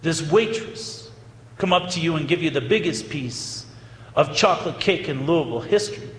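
A man's voice: a little high, animated, moderate pace, lightly acted. A man voicing an older Southern woman who talks in a doting, emphatic drawl with a Southern US accent. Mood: affectionate. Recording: roomy hall with long reverb.

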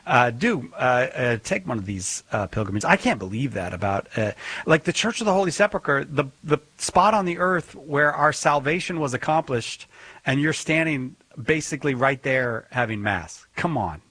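A man's voice: mid-range voice, lively intonation, moderate pace, fairly bright tone. A man co-hosting a talk radio show, speaking with enthusiasm and frequent exclamations. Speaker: radio co-host.

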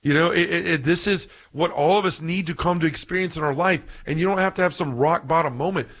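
An earnest man teaching scripture with passion, his voice sitting a little high. He builds excitement and trips over his words as he preaches. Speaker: Catholic podcast speaker.

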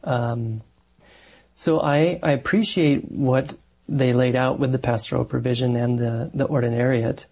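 Gravelly husky-voiced priest, a man. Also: mid-range voice, fairly even intonation, unhurried, a little mellow. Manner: earnest, thoughtful, with frequent fillers and restarts. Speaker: married Catholic parish priest, guest. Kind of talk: conversational interview answers.

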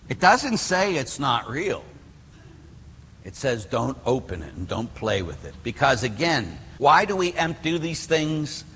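A middle-aged man from Pittsburgh preaches as a priest, his voice husky yet bright and rather high. He tells his stories with lively energy and plenty of fillers. His words ring out with the long reverb of a church hall. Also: slight background noise. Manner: animated storyteller acting out quotes, many fillers. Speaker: Catholic priest. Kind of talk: storytelling sermon.

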